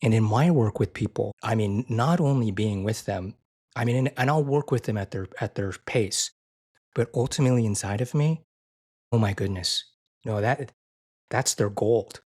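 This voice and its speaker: A man talking as a podcast guest in an earnest, conversational way, often repeating and restarting phrases, and his voice lifts higher and softer when he quotes tender words. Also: moderate pace. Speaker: guest, physician and IFS therapist.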